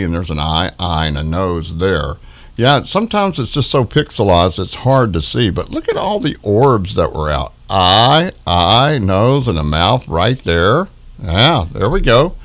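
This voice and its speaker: A middle-aged man with a fairly low voice narrates his backyard footage in an easy, casual vlog manner. His pitch swings widely from low mumbles to high exclamations, and he chuckles often as he points things out. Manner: chuckling, pointing out faces in orbs. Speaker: backyard ufologist vlogger.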